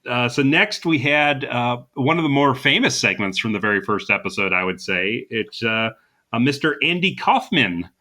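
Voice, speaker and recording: A man's voice: medium pitch, expressive, moderate pace, sharp tone. A man co-hosting a casual podcast, chatting with plenty of fillers and easy laughs. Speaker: podcast co-host.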